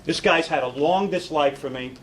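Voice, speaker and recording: A man's voice: on the high side, normal speed, fairly bright tone, rough recording. Man, middle-aged, broadcaster at a press conference, indignant, sarcastic, faint background noise.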